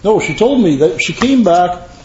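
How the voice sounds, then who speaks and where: In an echoey meeting room, an older man with a high, animated, somewhat mellow voice offers personal testimony to a live recovery audience at a moderate pace. His manner is rambling and earnest, full of folksy asides, and the dull lo-fi recording has a faint hiss.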